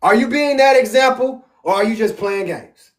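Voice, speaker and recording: A man's voice: very high voice, animated, moderate pace. A man teaching scripture from home, preaching emphatically and reading verses aloud. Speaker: religious teacher. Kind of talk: scripture teaching on a live stream.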